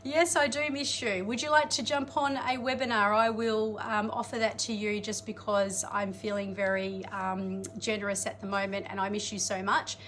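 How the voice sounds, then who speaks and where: A woman, coaching an audience in a chatty, energetic live-streamed motivational talk, greeting viewers and laughing often. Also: mid-range voice, normal speed, few pauses, slight background noise. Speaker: life coach.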